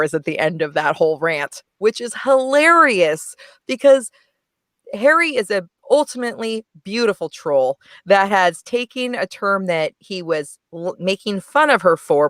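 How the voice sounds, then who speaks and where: A woman's voice: mid-range voice, a bit bright, no echo, clean studio sound. A woman guest on a podcast, chatting frankly and animatedly about a movie and laughing often. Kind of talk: casual movie review chat.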